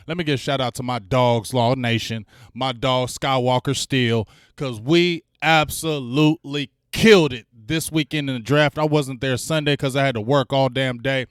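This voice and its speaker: A man hosting a live-stream football fan show, very animated and loud, shouting out to his chat. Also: mid-range voice, clear, resonant tone, dry recording, studio quality. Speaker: livestream sports show host.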